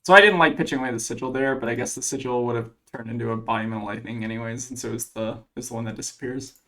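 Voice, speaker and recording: A man's voice: mid-range voice, steady tone, quick pace, bright, forceful tone. A man commentating his own card game match, thinking aloud as he weighs each play, with plenty of fillers. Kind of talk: casual gameplay commentary.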